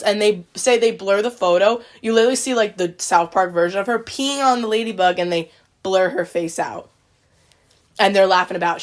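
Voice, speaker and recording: A woman's voice: mid-range voice, animated, a little fast. Woman rambling through a retelling. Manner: rambling retelling, with many likes and quoted voices. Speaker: podcast host. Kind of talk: casual chat.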